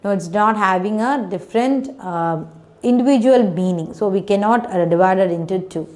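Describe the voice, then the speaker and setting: A woman's voice: mid-range voice, moderate pace, a little mellow. A woman teacher giving a phonics lesson to children, patiently sounding out words syllable by syllable in non-native English phrasing.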